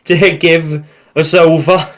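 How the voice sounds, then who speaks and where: A man's voice: fairly high pitch, little pitch movement, slow pace. A man reading short war stories aloud on a livestream, stumbling and joking over dialect words. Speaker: livestream reader.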